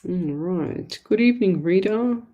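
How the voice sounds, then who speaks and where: A woman's voice: medium pitch, animated, measured pace, narrow, tinny audio. A woman hosting a live online show as a psychic medium, giving rambling, chatty readings to listeners.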